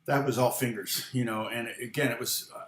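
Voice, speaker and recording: A man's voice: medium pitch, steady tone, brisk. An American man giving a casual guitar lesson, rambling and answering viewers' comments as he goes. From United States. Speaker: guitar teacher. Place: home studio. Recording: echoey room with guitar playing.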